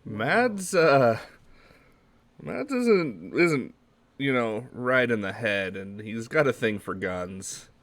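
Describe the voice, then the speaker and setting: A man's voice: medium pitch, very animated, a bit bright, dry recording. A man playing a sardonic private investigator in a tabletop role-play, with a joking, sarcastic manner. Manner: sarcastic, joking, quick-witted. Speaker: player.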